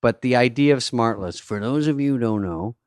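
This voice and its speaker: A middle-aged man from Arizona, co-hosting a podcast in casual chat, telling animated stories with lots of swearing and acted-out voices. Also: medium pitch, brisk, no echo, clean studio sound. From Arizona, USA. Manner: animated storyteller, swears a lot, acts out voices. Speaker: podcast co-host.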